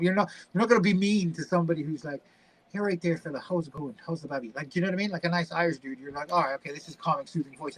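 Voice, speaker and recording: British guy guesting on a podcast, fairly high voice, chatty, swears a lot. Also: a bit bright, poor audio. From United Kingdom. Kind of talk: casual chat.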